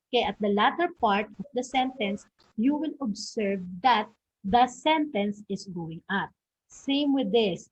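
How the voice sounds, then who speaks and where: This recorded online lesson features a woman's husky, mid-range voice, animated yet measured in pace, as she explains stress and intonation. She says "okay" a lot, tags points with "no?", and voices example words and questions, with dull lo-fi audio quality.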